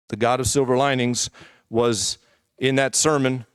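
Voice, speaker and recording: A man preaching in a church, sharing his own story in a candid, conversational way and tossing in asides to the congregation. His voice sits at a middle pitch, and the recording is dry and close, with little room sound. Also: steady tone, measured pace, clear, resonant tone, no room sound. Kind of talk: personal testimony sermon.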